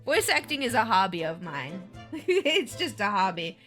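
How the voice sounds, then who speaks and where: A woman's voice: mid-range voice, very animated, normal speed, pushed and bright, soft background music. Giggly woman streamer chatting. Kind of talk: casual game stream chat.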